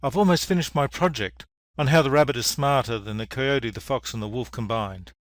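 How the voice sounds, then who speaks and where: A man's voice: medium pitch, fairly quick, no room sound, studio quality, natural voice. A man voicing a clever, scheming male rabbit in a told fable, insistent and pleading.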